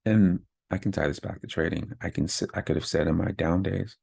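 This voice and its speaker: A man with a low, deep and heavily gravelly voice that has a husky edge. He talks candidly and earnestly, building himself up and tossing in little "right?" asides as he goes. The sound is close and dry, with no room echo. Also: level tone, normal speed, few pauses, dark tone. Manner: earnest, self-affirming, frequent "right?" asides. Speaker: podcast host. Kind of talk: candid motivational monologue.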